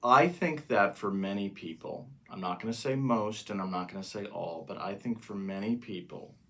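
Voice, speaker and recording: A man co-hosting a podcast as a pastor, talking in a casual, earnest way and slowing down to stress his points. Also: on the low side, fairly bright tone. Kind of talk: casual chat.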